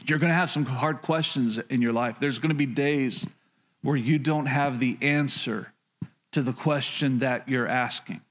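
A man's voice: medium pitch, unhurried, a bit bright. A man preaching a sermon as a pastor in a church, talking straight to the listeners, asking "can I tell you" and repeating his key phrases.

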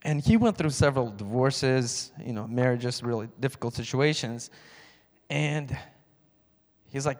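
A man's voice: medium pitch, expressive, unhurried, long reverb tail. A man telling a personal testimony in a church, acting out phone calls in a raised voice. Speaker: church speaker giving a testimony. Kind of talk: sermon testimony.

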